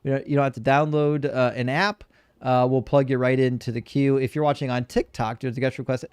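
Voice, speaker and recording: A blunt male host pressing callers on a live debate stream. He speaks in a middle pitch with a close, dry sound, needling and sarcastic. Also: flat delivery, a little fast, darkish tone, smooth, no room sound.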